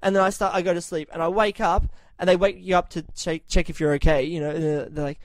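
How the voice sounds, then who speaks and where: A man's voice: high voice, fast, no room sound. A man from Australia telling a story on a podcast in casual chat, swearing a lot and raising his voice when he quotes himself. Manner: profane, animated, shouts when quoting himself.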